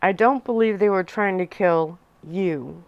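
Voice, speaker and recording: A woman reading the part of a calm, protective vampire father in a soft ASMR storybook reading, speaking gently and evenly. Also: on the low side, unhurried, no echo, highs cut off. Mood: calm, gentle.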